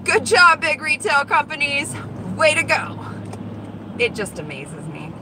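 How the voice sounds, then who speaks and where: Excitable high-voiced woman live-streaming outdoors. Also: measured pace. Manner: chatty and excitable, talks to viewers. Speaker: vlog host, dumpster diver. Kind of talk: casual live-stream chat. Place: outdoors around store lots and in a car. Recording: loud car and outdoor noise.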